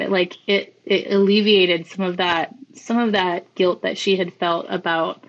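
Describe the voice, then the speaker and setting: A woman's voice: medium pitch, steady tone, measured pace, few pauses, dull audio. A woman speaking as a podcast guest, telling a heartfelt story in a chatty way and often quoting what others said. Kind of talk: conversational storytelling. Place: lives in Hawaii, roosters audible outside.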